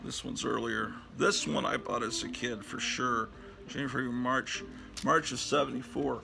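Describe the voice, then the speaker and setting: A man's voice: medium pitch, fairly even intonation, a little slow, creaky, low-quality recording. A man in his fifties hosting a casual show-and-tell about his old comics, rambling and reminiscing with lots of fillers. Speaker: comic book collector and host. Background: background music.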